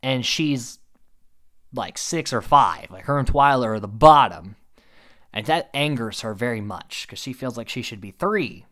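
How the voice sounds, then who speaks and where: A man chatting through a casual recap in a lively voice that rises and falls a lot. He talks in an animated, offhand way and breaks into laughs now and then. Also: mid-range voice, measured pace. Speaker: show recap host.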